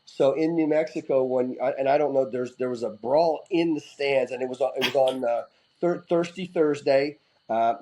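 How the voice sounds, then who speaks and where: In a casual interview, a former hockey player in middle age shares rowdy anecdotes as the guest, animated and swearing casually while frequently starting over. His voice is mid-range, and the audio is poor.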